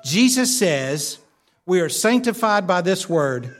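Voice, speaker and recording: High-voiced earnest preacher. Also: male voice, very animated, slow, faint music behind. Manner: earnest, repetitive, stammering restarts. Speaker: pastor. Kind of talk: sermon.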